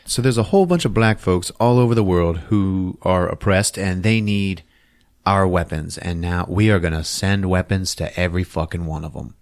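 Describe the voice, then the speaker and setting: A man's voice: low-pitched, normal speed, no echo, clean studio sound. A man voicing a brash male usurper king making a grand declaration, while recapping a film on a podcast.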